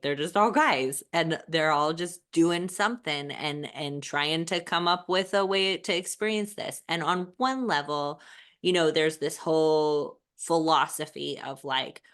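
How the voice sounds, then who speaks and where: A woman's voice: low-pitched, measured pace, fairly bright tone, clear, resonant tone. A woman hosting a podcast over a video call, talking in a casual, reflective way with many fillers. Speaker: podcast host. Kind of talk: casual conversation.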